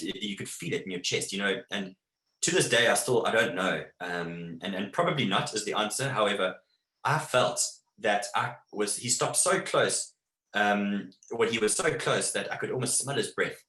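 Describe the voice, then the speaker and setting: Man presenting a webinar, low-set forceful voice, echoey room over a call mic. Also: normal speed. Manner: vivid anecdotal storytelling, many fillers and restarts. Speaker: wildlife photographer giving a webinar talk. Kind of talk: storytelling presentation.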